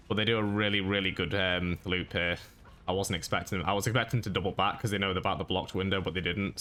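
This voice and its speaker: Low, bright-toned monotone man. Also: a little hiss or hum. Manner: monotone delivery. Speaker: gaming YouTuber. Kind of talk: gameplay commentary voice-over.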